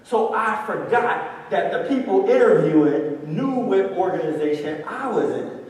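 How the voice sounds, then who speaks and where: A man's voice: high voice, measured pace. Storytelling man in an echoey hall. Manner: storytelling, animated, call-and-response with crowd. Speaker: motivational speaker. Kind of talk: live talk to a student audience. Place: large hall with audience. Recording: echoey hall recorded from far off.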